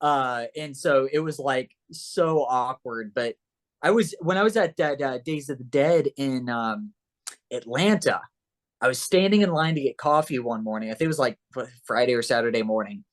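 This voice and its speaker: A man's voice: mid-range voice, lively intonation, normal speed. A man from Ohio, a podcast guest in casual chat, telling stories animatedly and acting out the voices of the people he quotes.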